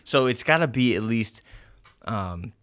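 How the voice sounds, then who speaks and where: A young man in casual podcast chat with a medium-pitched voice. He talks frankly, swears freely and builds his arguments point by point. The sound is dry and close. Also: lively intonation, unhurried, a bit bright, no echo. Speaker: podcast host.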